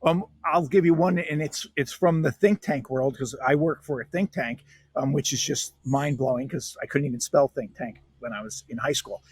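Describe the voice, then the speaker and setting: A man's voice: medium pitch, moderate pace, a little mellow, slightly rough, dry recording. A man, a guest author in a podcast interview, talking in an emphatic, punchy storytelling way.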